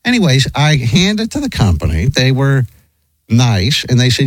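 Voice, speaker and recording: Animated rambling middle-aged man. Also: mid-range voice, normal speed, dry recording, low-quality recording. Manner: rambling, animated, frequent restarts. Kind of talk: casual storytelling chat.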